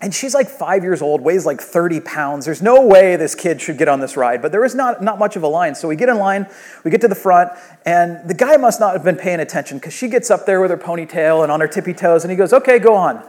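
A man preaching a sermon, telling a personal story with animated swings from hushed to loud and excited. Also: high-pitched, fairly quick. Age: adult father of young children. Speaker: pastor.

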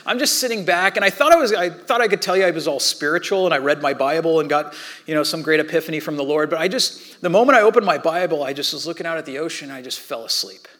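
A man in his thirties or forties preaching a sermon with animated storytelling, sometimes dropping to a soft near-whisper. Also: on the high side, fast. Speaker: pastor.

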